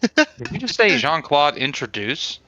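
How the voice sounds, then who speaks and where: A man's voice: a little high, very animated, measured pace, pushed and bright. A man playing in a tabletop game, asking questions and joking casually. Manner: inquisitive, joking. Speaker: player.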